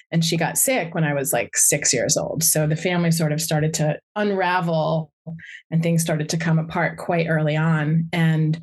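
A woman psychotherapist giving a talk, speaking in a reflective, gentle way with pauses and fillers. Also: low-pitched. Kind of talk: talk to a live audience.

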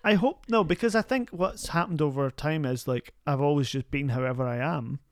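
A man, a comedian guest on a podcast, talking in a wry, deadpan way and slipping in jokes. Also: a little high, fairly quick, no room sound, clean studio sound. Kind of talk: casual podcast interview.

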